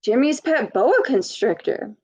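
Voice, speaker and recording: A woman's voice: sits high, big pitch swings, measured pace, slightly rough, heavily acted, rough recording. A woman voicing a little girl who explains a farm mishap in a storybook reading. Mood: explaining.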